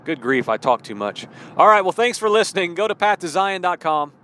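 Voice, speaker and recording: A male podcast preacher with a high voice that has a bright, forceful edge. He speaks fervently and rambles, and he keeps circling back to repeat his main points for emphasis. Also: big pitch swings, a little fast. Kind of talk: impassioned podcast sermon.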